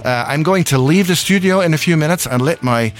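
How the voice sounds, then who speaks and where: A man's voice: on the high side, a little fast, soft background music. A man from Scotland hosting a live radio show from a studio, rambling in a casual, self-amused way and chuckling often.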